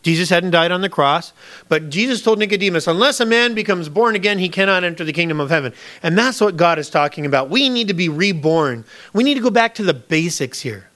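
A man's voice: high-pitched, expressive, brisk, pushed and bright. A man, a pastor, preaching a conversational sermon, often acting out pleading prayers to God and addressing the congregation as folks.

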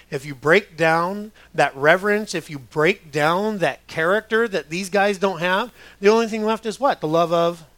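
Middle-aged pastor guy preaching, fairly high voice, dry close sound, chatty and asks the crowd stuff. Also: fairly bright tone, no room sound. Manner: conversational preaching with rhetorical questions and acted-out quotes. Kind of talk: sermon.

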